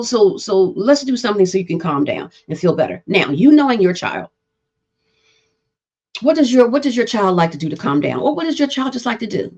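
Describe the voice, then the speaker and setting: A woman's voice: on the low side, darkish tone. A woman hosting a live talk on mental health, explaining to parents and often checking in with "right?". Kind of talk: live-streamed teaching talk. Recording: dull lo-fi stream audio.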